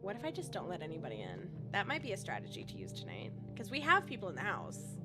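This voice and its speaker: A woman giving gameplay commentary as a streamer, animated, swearing and thinking out loud. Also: fairly low pitch, quick pace, music in the background. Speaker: gaming streamer.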